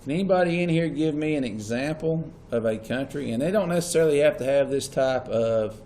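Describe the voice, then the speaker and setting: A man's voice: on the high side, a little fast, dark tone, a little hiss or hum. A man teaching a classroom lesson. He keeps asking the class questions and repeats the key points. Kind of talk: classroom lecture.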